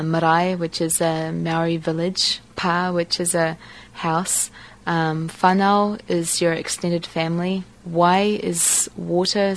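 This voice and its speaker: A woman from New Zealand speaks with a clear New Zealand accent in a fairly low register. She talks in a relaxed, unscripted way, pausing often with ums and small restarts. A faint hiss sits under the recording. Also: rough recording. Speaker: dialect archive speaker. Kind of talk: reading a passage, then casual unscripted talk.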